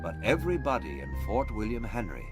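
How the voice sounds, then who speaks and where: A man reading a storybook aloud in a slow, clear and expressive narration. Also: on the low side, music in the background. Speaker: audiobook reader.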